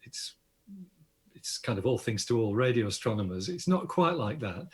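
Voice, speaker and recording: A man's voice: medium pitch, very animated, moderate pace, husky. An older Australian man, an astronomer guest, explaining science enthusiastically in an interview with frequent restarts. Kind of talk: interview conversation.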